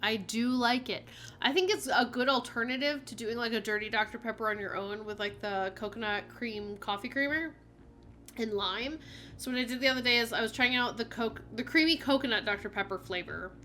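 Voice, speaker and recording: High-voiced chatty young woman streamer. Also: brisk, pushed and bright, slight background noise. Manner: chatty and rambling, with frequent "like" fillers and giggles. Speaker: game streamer. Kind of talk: casual chat while playing a video game.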